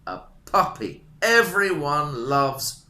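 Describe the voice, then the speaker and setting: A man teaching a beginner English lesson, taking his time and repeating each word. His pitch swings up and down with a lot of life, and his voice is bright. It is recorded in a roomy, echoey space. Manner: slow, repetitive teaching, animated intonation. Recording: roomy echo.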